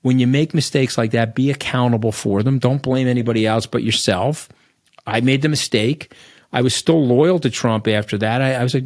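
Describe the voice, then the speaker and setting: A man's voice: medium pitch, normal speed, a little mellow. A middle-aged man from Long Island, telling stories bluntly and animatedly as an interview guest, often tagging his lines with "okay?". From Long Island, New York. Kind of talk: candid storytelling interview.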